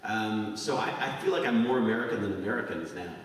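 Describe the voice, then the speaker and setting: A Canadian man in his thirties, with a fairly low voice and quick pace, answers fan questions on stage as a convention guest, rambling, joking and laughing often. The recording is echoey and noisy, captured from far off in a large convention hall.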